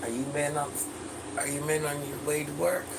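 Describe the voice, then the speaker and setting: Sassy man chatting over a loud hum. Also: on the high side, fairly even intonation, brisk, gravelly. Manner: sassy, calls viewers baby, scolds and repeats itself. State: stuffy from allergies. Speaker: live streamer reading viewer comments. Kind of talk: casual live-stream chat. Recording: loud background noise, air conditioner hum.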